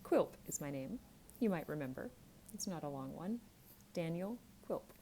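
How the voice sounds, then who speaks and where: A woman's voice: low voice, expressive, normal speed, mellow, slight background noise. A woman voicing a sly dwarf man who answers dryly and curtly, in a bedtime storybook reading. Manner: dry, curt.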